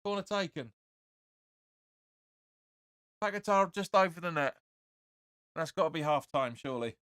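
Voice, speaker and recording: A man hosting a fan watch-along, giving live match commentary and reading viewer comments. He is excitable and opinionated, and keeps insisting "sorry, but no.". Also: on the high side, brisk, clear, resonant tone, no echo, studio quality.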